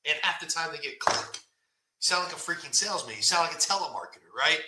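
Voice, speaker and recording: A man hosting a podcast, talking bluntly and casually about sales calls, often checking in with "right?". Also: a little high. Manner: blunt, fast, animated, says "right?" often. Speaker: podcast host. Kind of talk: casual live-stream coaching talk. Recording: echoey room.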